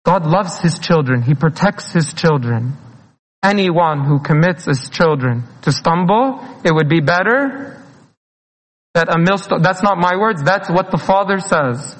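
High-voiced preacher in a reverberant hall. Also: male voice, expressive, unhurried. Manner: earnest, pleading, mixes in Arabic phrases, laughs between lines. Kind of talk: sermon.

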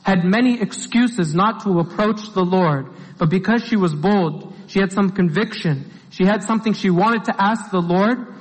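A man with a high voice preaches an informal sermon, earnest and steady as he puts question after question to his listeners. His voice rings out with a long hall reverb behind every phrase. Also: normal speed, few pauses.

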